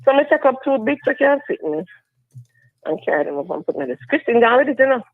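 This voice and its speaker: A woman with a Jamaican accent calling in, telling a story in lively patois. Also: a little high, fast talker, dry recording. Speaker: caller. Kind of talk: casual chat. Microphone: phone. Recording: tinny dry phone line.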